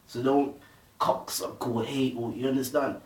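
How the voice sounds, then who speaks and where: A man's voice: mid-range voice, level tone, normal speed. A young man with a Bristol accent, an MC talking slang-heavy and rapping, tagging lines with "innit" and "you get me". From Bristol, England. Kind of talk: street talk and freestyle rap. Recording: roomy, distant from the mic.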